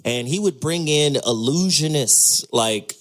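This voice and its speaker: A man's voice: on the high side, animated, takes it slowly. A man hosting a casual talk radio show, emphatic and playful, with frequent swearing.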